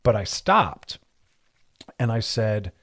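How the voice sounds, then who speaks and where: Male radio host giving relationship advice, a touch low and husky, easygoing and reflective. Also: very animated, slow, fairly bright tone. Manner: reflective, explains through personal stories.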